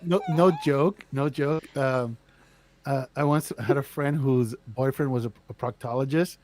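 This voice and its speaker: A man co-hosting a casual podcast, telling a story in halting bits. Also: medium pitch, background noise. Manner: halting, with fillers and restarts. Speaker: podcast co-host. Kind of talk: casual chat.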